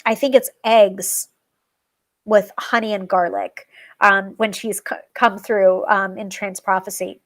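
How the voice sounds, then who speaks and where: Speaking a little slowly in a steady, medium-pitched voice, she hosts a tarot show. She talks casually of working with a goddess and reads tips off a list, repeatedly saying um, restarting, and laughing at herself.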